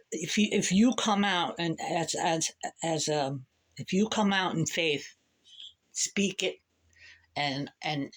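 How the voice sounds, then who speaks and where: A woman vlogging a rambling, profane monologue to camera, emphatic and animated. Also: deep voice.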